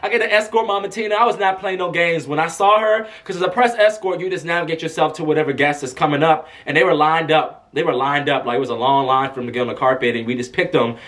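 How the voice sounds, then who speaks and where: A young man telling a casual story to camera as a vlogger, animated and chatty, acting out what people said. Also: fairly high pitch, fast talker, few pauses. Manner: animated, chatty, acts out quotes in a raised voice. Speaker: vlogger and press escort.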